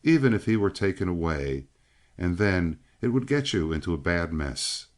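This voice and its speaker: Male reader doing a teasing young frontier woman, pitched up a bit, lively delivery. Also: moderate pace. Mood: wistful.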